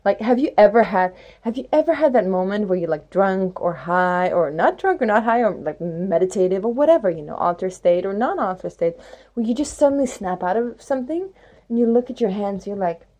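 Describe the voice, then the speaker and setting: A woman's voice: mid-range voice, animated, fairly quick, dark tone. A woman hosting a spiritual talk in a rambling, reflective monologue with playful rhymes and many fillers. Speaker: spiritual podcast host.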